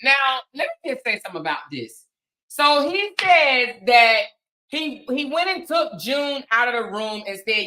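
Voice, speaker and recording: A woman hosting a reaction commentary, talking in a sassy, emphatic, animated way. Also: sits high, a little slow, rough recording. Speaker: commentary host.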